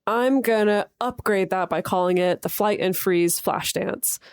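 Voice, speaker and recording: A woman's voice: mid-range voice, unhurried, smooth, no echo, studio quality. A woman co-hosting a podcast in casual chat, playful as she sets up scenes. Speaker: podcast co-host.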